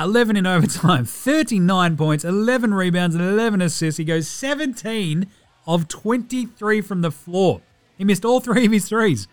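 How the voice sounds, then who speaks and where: A man hosts a casual basketball podcast, running fast through stats and swearing freely. His voice sits a touch high, and the recording is dry and close. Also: no room sound. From Australia. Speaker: podcast host. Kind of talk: casual sports recap.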